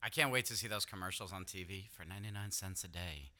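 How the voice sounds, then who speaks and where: A young man co-hosting a casual podcast, teasing his friend with crude jokes and quick interjections. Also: sits low, bright, forceful tone. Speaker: podcast co-host. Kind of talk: casual banter.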